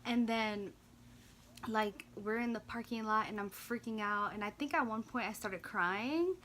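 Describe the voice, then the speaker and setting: Bright-voiced young woman telling a storytime. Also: fairly high pitch, unhurried, slight background noise. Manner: animated, slangy, swears, lots of "like". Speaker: vlogger. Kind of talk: casual storytime.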